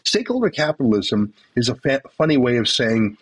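A man speaking as an interview guest, emphatic and rapid, with mocking asides. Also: medium pitch, very animated, husky, dry recording. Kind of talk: impassioned political commentary.

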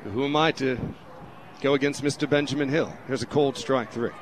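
A man's voice: mid-range voice, moderate pace, slight background noise. A man calling a baseball game on the radio in a playful, mock-formal, put-on English accent. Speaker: radio play-by-play announcer. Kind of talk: baseball play-by-play commentary. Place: radio broadcast booth.

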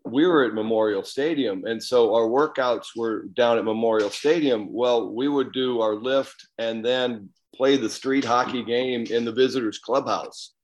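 A man's voice: mid-range voice, normal speed, hardly any pauses, low-quality recording. A man co-hosting a podcast, casually adding his own memories to a shared story. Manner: relaxed, chiming in with his own side of the story. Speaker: podcast co-host, former player. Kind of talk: casual chat.

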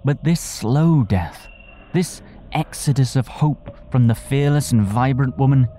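A man's voice: medium pitch, a little slow, warm tone, slight background noise. A man narrating a comic audio drama with dry, wry storytelling.

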